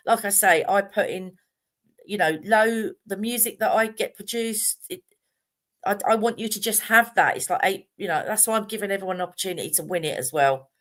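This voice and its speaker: This is a middle-aged woman, speaking in a slightly low voice. She rambles casually through her live-stream talk, full of fillers and restarts. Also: a bit bright. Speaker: meditation teacher.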